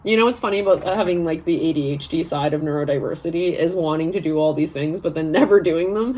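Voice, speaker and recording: A woman's voice: lowish voice, darkish tone. A woman in her thirties hosting a live stream, chatting casually and rambling, laughing often and reading viewer comments aloud. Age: 30s. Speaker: live session host.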